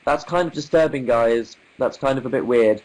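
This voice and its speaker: A man's voice: medium pitch, normal speed, a little mellow, poor audio. A young English man hosting a casual livestream, reading viewer comments aloud with wry, amused asides in an articulate manner. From England. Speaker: livestream host.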